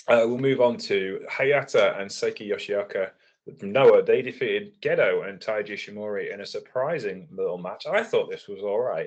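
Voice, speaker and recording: A man with a deep, low voice and a husky, slightly rough tone, chatting on a podcast. He sounds relaxed and analytical, talks things through at length and laughs easily. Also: muffled recording. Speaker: wrestling podcast co-host. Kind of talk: casual podcast chat.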